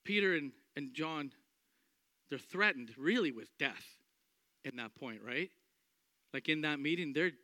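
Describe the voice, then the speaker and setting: A man preaching a sermon as pastor, animated, acting out the voices of people in the story. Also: fairly high pitch, no echo, studio quality.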